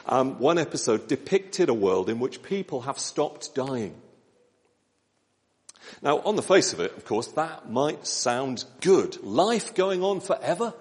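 Male preacher, measured and gentle sermon delivery, mid-pitched voice, long church reverb. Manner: gentle, measured, with slow emphatic pauses.

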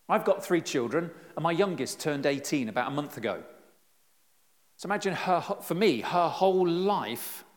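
Middle-aged man preaching in a reverberant church. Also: medium pitch. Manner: conversational and lively, with self-deprecating humor. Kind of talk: sermon. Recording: long reverb in a church hall.

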